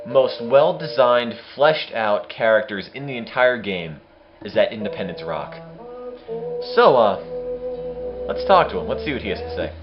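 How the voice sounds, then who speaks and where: A man's voice: fairly low pitch, expressive, a little slow, muffled recording, over music. A man streaming a game, giving casual, sarcastic commentary. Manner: sarcastic, joking.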